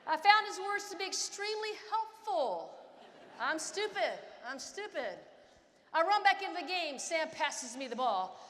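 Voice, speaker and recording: A woman's voice: extremely high pitch, big pitch swings, moderate pace, few pauses, fairly bright tone, slight background noise. A woman in her fifties giving a dramatic motivational keynote, telling stories and acting out scenes. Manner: dramatic, acts out scenes and voices. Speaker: keynote speaker. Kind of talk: motivational storytelling speech. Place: large conference hall. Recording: long hall reverb.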